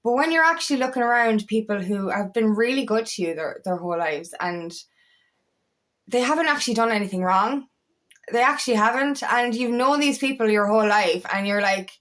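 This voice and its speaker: A woman's voice: a little high, expressive, brisk, a bit bright. A woman working as an empowerment coach, talking casually and frankly to camera, swearing freely and repeating phrases. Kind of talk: casual spiritual vlog talk.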